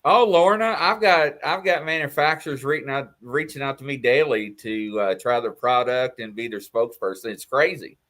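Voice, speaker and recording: A man with a New York accent, co-hosting a casual livestream chat and telling animated stories. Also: mid-range voice, normal speed, few pauses. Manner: animated storytelling, mimics voices in quotes. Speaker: livestream co-host.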